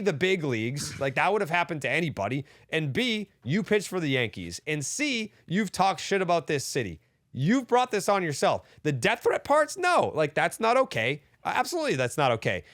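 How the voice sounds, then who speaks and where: A man's voice: a little high, fairly bright tone, no echo, studio quality. A man co-hosting a sports podcast, ranting heatedly and swearing often. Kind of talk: casual sports talk.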